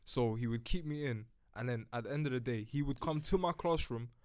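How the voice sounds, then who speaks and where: A man's voice: mid-range voice, fairly quick, darkish tone, clean tone, no echo. Young guy chatting, mid voice, dry no-room sound. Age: young adult. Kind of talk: casual chat.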